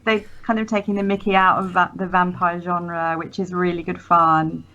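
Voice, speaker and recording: A woman's voice: on the low side, flat delivery, moderate pace, pushed and bright, muffled recording. A woman in a casual review chat, chatty and hesitant.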